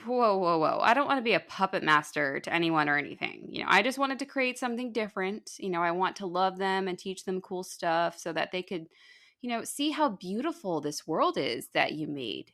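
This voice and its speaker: A woman's voice: lowish voice, expressive, fairly bright tone. A woman voicing an eager young male god craftsman who pleads and gushes to his father. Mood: pleading eager. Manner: pleading, gushing, fast-talking.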